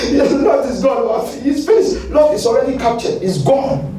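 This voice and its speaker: A male pastor with a Ghanaian English accent, preaching a fiery sermon and shouting at its peaks. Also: very high-pitched, expressive, a little slow. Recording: echoey hall, far from the mic, light noise.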